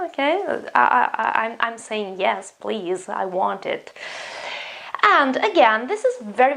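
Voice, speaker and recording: Gravelly-voiced woman teaching English. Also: mid-range voice, a bit bright. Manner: explanatory, many fillers and restarts, repeats example phrases with emphasis. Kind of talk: online English lesson.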